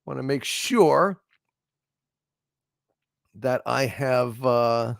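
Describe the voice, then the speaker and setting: A man's voice: medium pitch, drawn-out words, creaky, dry recording, studio quality. A man hosting a casual livestream, rambling with many fillers as he hails viewers and reads their messages. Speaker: livestream host.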